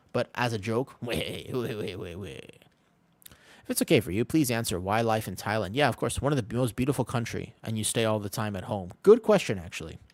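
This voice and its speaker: A man's voice: lowish voice, no echo. A man streaming a game, chatting casually with his chat, joking and answering questions.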